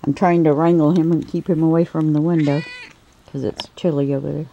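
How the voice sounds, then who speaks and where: Her voice is low, warm and creaky, level in tone and a little fast, as this pet keeper vlogger films at home at night with a handheld camera. She coos at and scolds her pets in a sing-song voice, then chats with her viewers, all in lo-fi sound.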